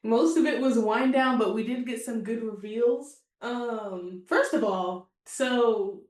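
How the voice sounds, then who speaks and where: A woman's voice: on the high side, slow, darkish tone, roomy sound. A woman co-hosting a casual anime reaction chat, rambling along with many fillers and frequent laughs. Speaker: co-host.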